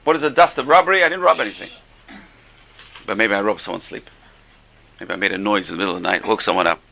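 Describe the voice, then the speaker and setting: A man's voice: lowish voice, quick pace, vocal fry, sharp tone, slight background noise. An older man teaching an informal religious class, a chatty, joking storyteller.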